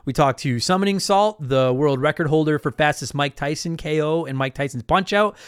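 A man hosting his own podcast in casual solo chat, animated and emphatic, swearing freely as he talks. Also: a little high, fairly quick, clean tone, no echo, clean studio sound. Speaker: podcast host.

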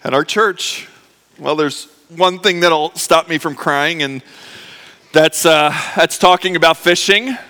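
Still healing from appendix surgery, a pastor preaches to his congregation in a church sanctuary, emotional and chatty, with frequent fillers and restarts. His slightly high voice takes its time, sounding pushed and bright, trailing long reverb.

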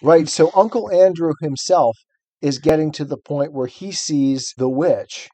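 A man's voice: fairly high pitch, a little slow, mellow, no room sound. A man co-hosting a podcast, talking through a book in an earnest, explanatory way. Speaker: podcast co-host. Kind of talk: casual book discussion.

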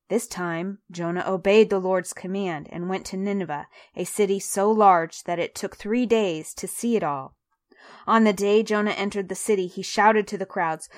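A woman reads scripture aloud for a lesson in a measured, clear voice. Her pitch sits in the middle of the usual range for a woman, and she keeps an even, unhurried delivery. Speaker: scripture reader. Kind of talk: scripted Bible reading.

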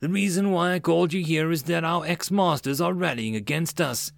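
A man's voice: on the high side, brisk, vocal fry, no room sound, voice pushed up. A man voicing a scheming, angry ex-slave rebel leader who hisses with bitter fervor. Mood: fearful. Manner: hissing, bitter, fervent.

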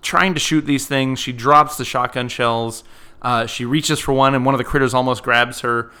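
Chatting casually as a podcast co-host, a man recaps a movie, filling his talk with "like" and laughing readily. His mid-range voice is clear, resonant, pushed and bright, with fairly even intonation at a moderate pace.

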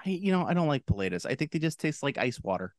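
A man's voice: fairly high pitch, sing-song, quick pace, no echo. Male podcast co-host, blunt and profane, dry mic. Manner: opinionated, swears freely. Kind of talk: casual podcast chat.

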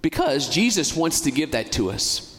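Earnest priest preaching in a reverberant church. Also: male voice, on the high side, very animated. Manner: earnest, pleading, speeds up and slows down. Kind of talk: sermon.

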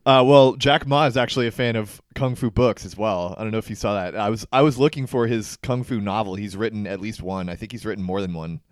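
A young man co-hosting a podcast in casual comedic chat, animated and laughing a lot, with frequent swearing. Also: lowish voice, quick pace, hardly any pauses, no room sound, studio quality. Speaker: podcast co-host.

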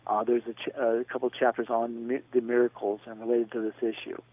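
A man on a call-in radio show talks through his answer at length, wandering a little, filling gaps with "uh" and spelling names letter by letter. His voice is mid-pitched and comes through a narrow, tinny phone line. The sound is dry, with no room around it. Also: completely flat delivery, fairly quick, husky, no room sound. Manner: discursive, spells out names, many fillers.

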